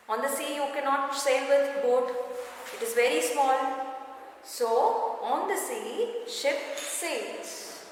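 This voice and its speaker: A woman teaching a poem to children, speaking slowly in a sing-song way and asking them questions. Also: high voice, fairly bright tone, slight background noise. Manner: slow, sing-song explaining with rhetorical questions. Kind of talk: online class lesson. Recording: echoey room, far from the mic.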